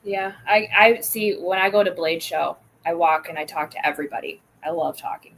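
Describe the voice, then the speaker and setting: A woman co-hosting from a knife shop, chatty and quick in casual conversation. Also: on the low side, fairly bright tone. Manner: chatty, quick, laughs easily. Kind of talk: casual chat.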